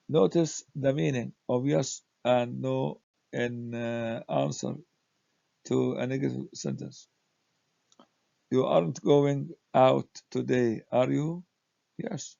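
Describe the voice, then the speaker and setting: Guy explaining grammar really slowly, lots of uhs, super gravelly, dull lo-fi recording. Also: mid-range voice, warm tone, no echo. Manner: slow, halting delivery with frequent "uh" fillers; reads example sentences and answers aloud. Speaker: grammar teacher.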